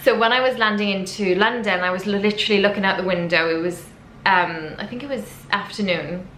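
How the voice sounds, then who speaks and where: Young uk woman vlogging, bright voice, chatty and emotional, echoey room w faint hiss. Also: medium pitch, a little fast. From United Kingdom. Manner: chatty, emotional, self-correcting. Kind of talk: casual storytelling to camera.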